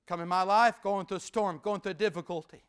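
A man preaching a sermon as pastor, with rhythmic repetition and sudden drops from loud to hushed. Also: high voice, fairly even intonation, quick pace, smooth.

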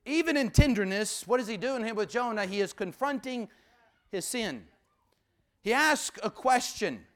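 A man preaching a sermon as pastor, emphatic, repeating key phrases and sometimes dropping to a hushed voice. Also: very high-pitched, animated, moderate pace.

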